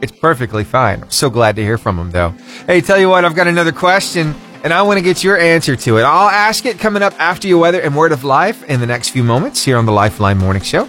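A man's voice: a little high, expressive, fast, a bit bright, faint music behind. A cheerful man, hosting a radio morning show in upbeat call-in chat, chuckling often. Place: radio studio.

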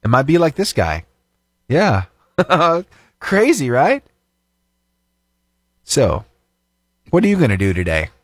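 Animated male radio host, lively pitch. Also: measured pace, long pauses, breathy edge, no room sound, clean studio sound. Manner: animated, laughs often, acts out quoted dialogue. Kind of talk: upbeat radio storytelling.

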